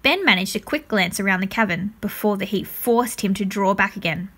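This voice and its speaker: A woman reads a children's adventure story aloud at a mid-range pitch. Her narration is calm and even, carrying the listener from scene to scene. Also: a little fast, slightly rough. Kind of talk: reading a children's book aloud.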